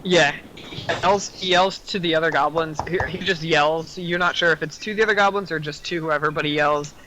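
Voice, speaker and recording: A man's voice: on the high side, steady tone, normal speed, noisy background. A man running a tabletop game as game master, narrating casually with many fillers.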